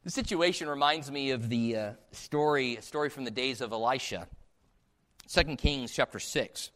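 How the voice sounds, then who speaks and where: Male pastor, slightly high voice, animated sermon storyteller. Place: church sanctuary. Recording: long hall reverb.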